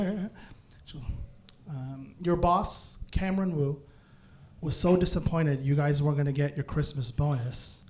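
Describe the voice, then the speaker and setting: A man from Africa performing live stand-up, telling an office story that keeps building and bursting into loud shouted punchlines. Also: high-pitched. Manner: animated, escalating, bursts into shouts. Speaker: stand-up comedian. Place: stage before a live audience.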